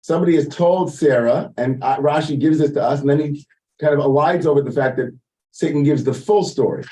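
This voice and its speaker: A man leads a Torah study lesson, translating the Hebrew phrase by phrase and explaining it in a loose, informal way. His voice is mellow and dark. It is heard from a little distance, away from the mic. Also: fairly high pitch, fairly quick. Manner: explains Hebrew text line by line, translating as he goes. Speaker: teacher leading text study.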